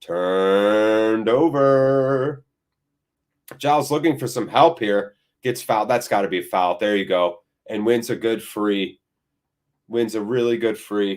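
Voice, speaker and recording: A man's voice: lowish voice, moderate pace. Chatty man calling a match live. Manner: chatty, reads viewer comments, jumps into excited play-by-play. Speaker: fan channel host. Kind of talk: live match watchalong commentary.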